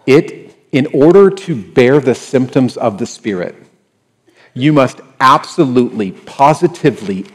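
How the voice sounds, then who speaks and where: A man preaching a sermon as a pastor, conversational and animated, acting out little dialogues, often restarting and repeating words. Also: medium pitch, in a large hall.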